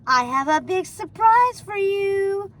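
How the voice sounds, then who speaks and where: A woman's voice: extremely high pitch, animated, far from the mic, pitched above the performer's own voice, full character voice. A woman doing Gothel, a grand sing-song witch. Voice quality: drawn-out sing-song delivery. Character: scheming theatrical witch mother, loud and grand.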